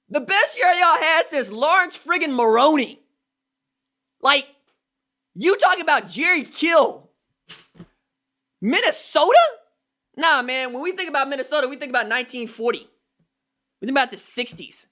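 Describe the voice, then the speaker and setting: A man hosting a solo sports podcast, talking in an animated, emphatic trash-talking way with casual slang. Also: very high-pitched, moderate pace, pauses often. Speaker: podcast host.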